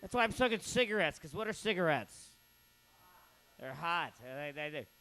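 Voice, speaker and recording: A man's voice: on the high side, animated, normal speed. A man hosting a comedy open mic, tipsy and rowdy, joking and hyping up the crowd between acts. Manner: rowdy, joking, hypes up the crowd, shouts bits. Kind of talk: emceeing a comedy night.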